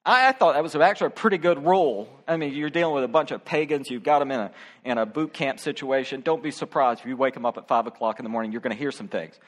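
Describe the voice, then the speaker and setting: A man's voice: mid-range voice, quick pace. A middle-aged man preaching a sermon as pastor, speaking directly and emphatically to his congregation. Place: church.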